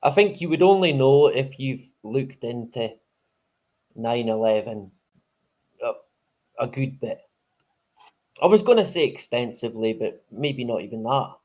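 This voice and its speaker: Man, live-stream host, casual chat, rambling, swears a lot, chuckles, medium pitch. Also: animated, unhurried, pauses often, a little mellow.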